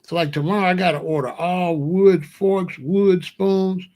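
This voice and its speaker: A man's voice: sits high, measured pace. Slangy, emphatic man talking casually. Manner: slangy, emphatic, animated disbelief. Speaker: vlogger. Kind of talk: casual monologue to camera.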